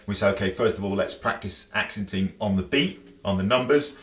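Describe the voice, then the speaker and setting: A man's voice: fairly low pitch, fairly quick, a bit bright. A man teaching drums in a casual, chatty way, counting and scatting rhythms aloud. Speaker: drum teacher. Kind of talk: casual instructional talk. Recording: roomy echo.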